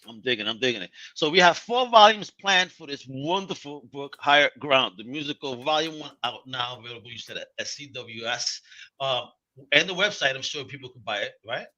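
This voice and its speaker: A man from Puerto Rico hosting a casual interview podcast, enthusiastic and quick to laugh. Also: mid-range voice, expressive, sharp tone, poor audio. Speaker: podcast host.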